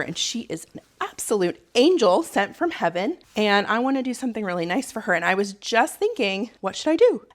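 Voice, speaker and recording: Chatty Southern woman hosting a sew-along. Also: medium pitch. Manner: chatty, rambling, laughs often. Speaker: sewing channel host. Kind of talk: casual sew-along tutorial. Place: home sewing room.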